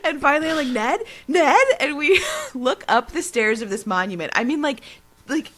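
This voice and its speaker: A woman's voice: sits high, expressive, a little fast, fairly bright tone. A young woman co-hosting a podcast, telling a story in casual chat and laughing often as she goes. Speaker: podcast co-host.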